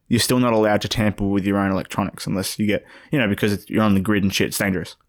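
A man's voice: lowish voice, level tone, rapid-fire. A man with an Australian accent co-hosting a casual podcast, quizzing his friend and laughing often. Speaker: podcast co-host.

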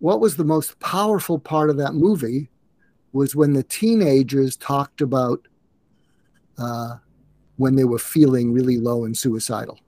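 Older man, earnest, halting, restarts, mid-pitched, dry recording. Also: mellow, dry recording. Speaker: interview guest, psychiatrist. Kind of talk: conversational interview.

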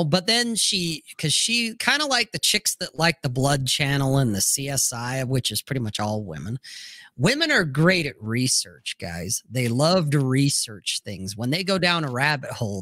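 A man hosting a casual talk show, telling stories in a profane, animated way. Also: mid-range voice, dry recording, clean studio sound. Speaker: podcast host. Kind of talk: casual storytelling chat.

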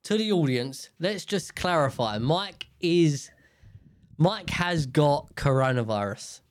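A young man hosts a casual podcast, rambling through a story with lots of fillers, restarts and jokes. His voice sits a little high for a man. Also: animated, slow. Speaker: podcast host. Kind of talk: casual chat.

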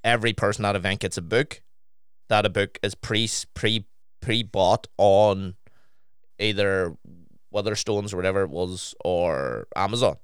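A man's voice: on the low side, a little slow, clean tone, no echo, clean studio sound. A man in casual podcast chat, telling stories bluntly and swearing freely. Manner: blunt, sweary, animated storytelling.

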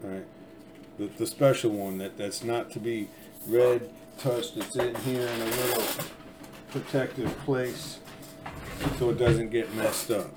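A man's voice: medium pitch, fairly even intonation, measured pace, background noise. A man hosting a casual political commentary show, rambling and sarcastic, often restarting his sentences. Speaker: podcast host.

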